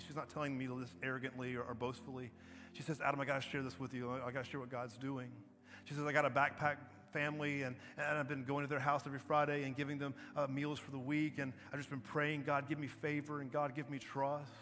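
With faint music behind him and a long reverb on the recording, a male pastor delivers an emphatic sermon, saying phrases over again and asking "right?". His voice runs a little high and a bit bright.

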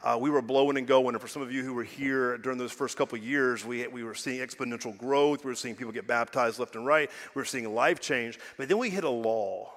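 A man's voice: medium pitch, brisk, hardly any pauses, fairly bright tone. Conversational male pastor in a reverberant hall. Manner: conversational preaching, rhetorical questions, dynamic swings in volume. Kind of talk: sermon.

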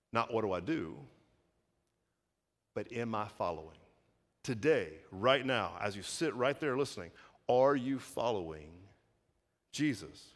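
Pastor, male, bright and animated, swings between booming and hushed, heard in a reverberant sanctuary. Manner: animated, acts out quoted voices, swings loud and soft. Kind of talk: sermon. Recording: long reverb of a large hall.

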